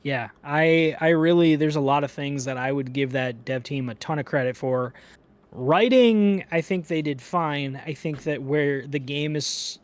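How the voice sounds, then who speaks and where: Guy on a gaming podcast, kinda high voice, fired up and cussing a lot. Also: measured pace. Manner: animated, profane, ranting. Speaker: podcast co-host. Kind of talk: casual gaming podcast chat.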